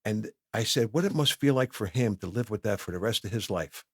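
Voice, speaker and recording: A man's voice: on the low side, lively intonation, brisk, breathy edge, dry recording. A middle-aged man, a podcast guest, candidly telling his life story with lots of acted-out dialogue. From New Jersey. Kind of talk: personal storytelling in a podcast interview. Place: podcast studio.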